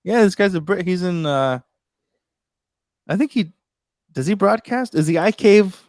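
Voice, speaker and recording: A man's voice: sits high, measured pace, no room sound. Joking American man on a stream. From United States. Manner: joking, animated, swears freely. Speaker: host. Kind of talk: casual livestream chat.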